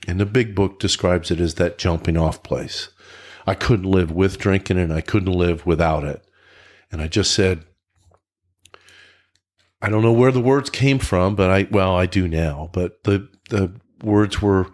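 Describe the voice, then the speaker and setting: A man with a notably deep, low-pitched voice tells his personal recovery story as a podcast guest. He talks in a reflective, earnest way, circling back and restarting sentences as he goes. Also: steady tone, a little slow, darkish tone.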